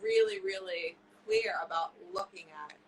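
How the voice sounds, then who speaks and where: A woman's voice: on the low side, a little slow, slight background noise, poor audio. A woman hosting a podcast over a video call, talking in a reflective, musing way with lots of "like" fillers. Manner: reflective, heavy use of "like" fillers. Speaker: podcast host. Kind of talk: casual conversational interview. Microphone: remote video call.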